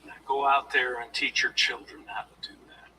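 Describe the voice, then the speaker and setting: A former law enforcement officer giving a motivational lecture, coaching his audience in a deliberate, demonstrative way, recorded from a distance. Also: mid-range voice, level tone, bright, forceful tone, slight background noise.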